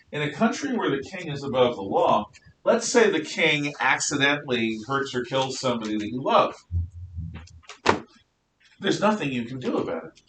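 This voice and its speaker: Animated male teacher in an echoey classroom. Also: medium pitch, slight background noise. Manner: animated, emphatic storyteller. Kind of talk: classroom lecture. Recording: echoey room, mic far off.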